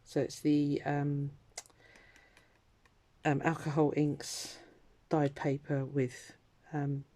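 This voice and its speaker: This crafting vlogger has a low, dark voice with a level tone and talks extremely slowly as she works. She chats casually and self-deprecatingly, muttering to herself and occasionally whispering.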